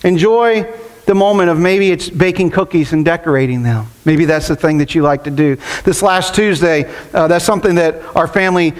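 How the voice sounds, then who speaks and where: A middle-aged man preaches with a noticeably high voice. He sounds relaxed and conversational, telling stories from his family life and breaking into laughter along the way. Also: moderate pace. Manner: conversational, storytelling, laughs often. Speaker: pastor. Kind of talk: sermon.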